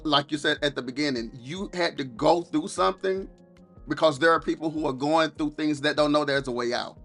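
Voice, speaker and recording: Male podcast host, fairly high voice, affirming, soft music underneath. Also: a little fast. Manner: affirming, frequent backchannel. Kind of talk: conversational interview.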